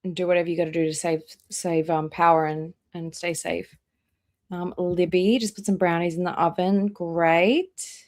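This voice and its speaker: A woman hosting a live reaction stream, chatting casually and reading out viewer names one by one with drawn-out welcomes. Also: lowish voice, fairly even intonation. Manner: drawn-out welcomes, trailing off quieter.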